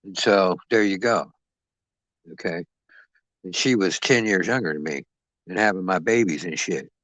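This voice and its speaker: A man's voice: low voice, normal speed, fairly bright tone, dry recording, rough recording. A man rambling and boasting as he stands in as host of a boxing live stream, swearing freely and talking to his chat.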